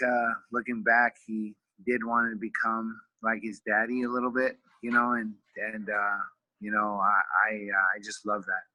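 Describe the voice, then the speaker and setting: Middle-aged guy from california, bright forceful voice, kinda low, dry close sound, earnest and emotional. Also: no echo, low-quality recording. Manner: earnest, emotional, repeats words and fillers. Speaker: retired fighter and wrestling coach. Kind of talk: casual interview storytelling.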